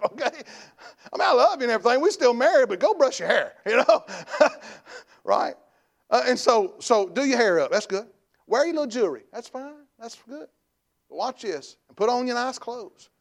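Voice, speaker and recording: Folksy Southern pastor with a high voice. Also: male voice. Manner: folksy, joking, plain-spoken preaching. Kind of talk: Sunday evening sermon.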